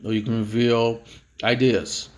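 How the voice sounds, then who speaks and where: Male teacher, mid-pitched voice, reads out vocab definitions, punches each headword. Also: flat delivery, a little slow, slight background noise. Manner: reads each headword louder and higher, then drops to explain; casual, with fillers and self-corrections. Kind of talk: vocabulary lesson, reading definitions aloud.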